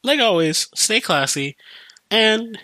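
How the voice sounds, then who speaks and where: A man's voice: high voice, animated, takes it slowly, pushed and bright, no echo. A young man hosting his own podcast, ranting profanely in a casual solo monologue and mimicking other people's voices. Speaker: podcast host.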